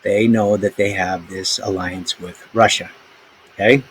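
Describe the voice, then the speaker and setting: A lower-voiced male teacher walks students through a history lesson in a relaxed, conversational way, with asides and filler words. Faint noise sits under the recording. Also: measured pace, rough recording.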